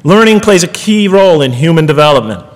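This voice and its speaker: A man's voice: fairly high pitch, lively intonation, quick pace. A middle-aged man giving a public lecture, earnest and rhetorical, with wry asides to his audience. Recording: long hall reverb.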